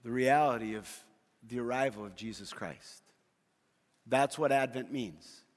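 A man's voice: medium pitch, measured pace. A middle-aged man preaching a sermon as a pastor, telling stories with humor and often restarting his phrases. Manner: storytelling with humor, frequent repeated restarts. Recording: long hall reverb.

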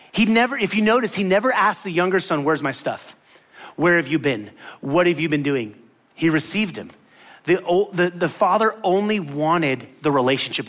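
A man's voice: fairly high pitch, fairly bright tone. A man preaching a sermon, retelling a parable and acting out the characters' lines with big swings in his voice. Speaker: pastor.

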